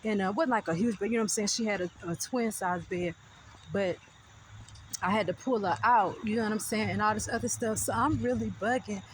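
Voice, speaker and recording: A woman telling a story on her vlog in an animated, profane way, with frequent asides to viewers. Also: medium pitch, brisk, slight background noise. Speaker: vlogger.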